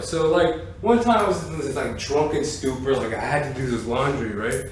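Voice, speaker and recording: A man's voice: medium pitch, animated, normal speed, hardly any pauses. A man telling a rambling, profane comic story, recorded at a distance in an echoey room with faint noise. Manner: profane, rambling, keeps saying "ladies and gentlemen". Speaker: comedian. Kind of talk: rambling stand-up rant.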